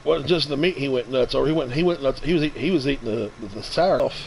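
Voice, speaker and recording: A man in his fifties giving casual, rambling commentary while playing a farming game, with halting restarts. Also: mid-range voice, creaky, a little hiss or hum, low-quality recording. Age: 50s. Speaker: let's play streamer.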